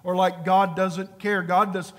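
A man preaching a sermon, earnest and pleading, who drops to a hushed low voice for emphasis. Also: level tone, unhurried. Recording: long hall reverb.

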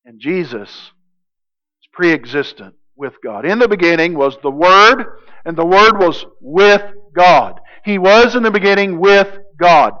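Preacher, male, high voice, deliberate delivery, builds from quiet to loud points, dull lo-fi sound. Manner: emphatic, swings from hushed to loud. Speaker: pastor. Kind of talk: sermon.

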